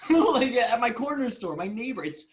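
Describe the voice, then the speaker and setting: A man's voice: very high voice, very animated, measured pace, low-quality recording. A man co-hosting a spiritual group call, telling casual stories in a chatty way and laughing often. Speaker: co-host.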